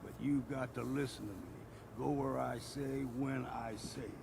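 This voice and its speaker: A man voicing a weathered old island guide in a video game, his voice deeply gravelly and rough. He talks in a blunt, grudging drawl, and loud background noise runs under the game audio. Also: fairly even intonation, moderate pace, natural voice. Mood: gruff.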